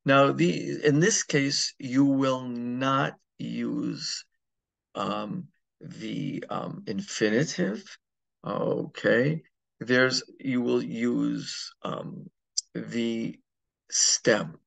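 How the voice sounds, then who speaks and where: A man's voice: mid-range voice, very slow, creaky. A man teaching a grammar lesson, walking through examples step by step and checking understanding with frequent "okay?"s. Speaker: Spanish teacher. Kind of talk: classroom lesson.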